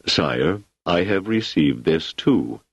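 A man reading an audiobook, voicing a calm, courteous male first minister who speaks quietly and deferentially. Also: sits low, slow pace, husky, no room sound, exaggerated voice. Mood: composed. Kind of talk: audiobook character voice. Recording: slightly muffled lo-fi recording.

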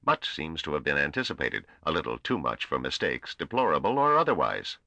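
A man reading an audiobook voices a small, scornful old male ruler who speaks in a curt, squeaky, coldly formal manner. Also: wildly swooping pitch, brisk, creaky, pushed and bright, no echo, exaggerated voice. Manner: snapping, intoning, coldly formal. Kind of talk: audiobook character voice.

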